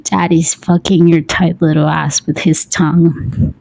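A woman voicing a rough, commanding adult male lover in a whispered role-play, in her own husky, low voice. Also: flat delivery, a little slow, a little mellow, no room sound, full character voice, poor audio.

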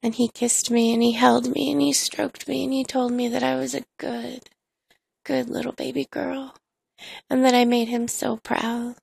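Woman, intimate erotic storytelling, hushed and unhurried, gravelly and flat-toned. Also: on the high side, no room sound. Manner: hushed and slow, with soft sighs between phrases.

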